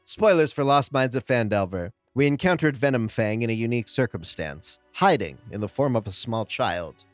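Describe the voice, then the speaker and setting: A man hosting and reading out funny game stories as scripted narration, with lively comic timing and dramatic pauses. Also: mid-range voice, no echo, soft background music. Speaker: host.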